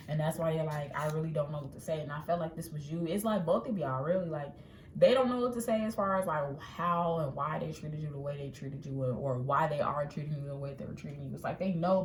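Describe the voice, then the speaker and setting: A woman giving a casual tarot reading in a chatty, animated way, acting out what people might say. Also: sits low, fairly quick. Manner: chatty, animated, acts out quotes. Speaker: tarot reader. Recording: echoey room with faint ambient noise.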